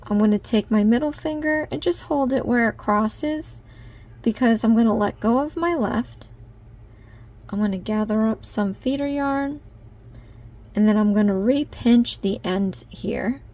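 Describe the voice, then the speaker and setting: Chatty woman with a gravelly edge. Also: a little high, a little mellow. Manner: chatty, with frequent ums, addresses viewers as you guys. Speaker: crochet tutorial host. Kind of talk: casual step-by-step tutorial.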